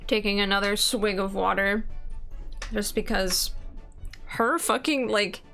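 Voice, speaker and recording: A woman's voice: medium pitch, unhurried, gravelly, pushed and bright, faint music behind. A young woman streamer chatting casually and playfully over a game, giggling and joking crudely.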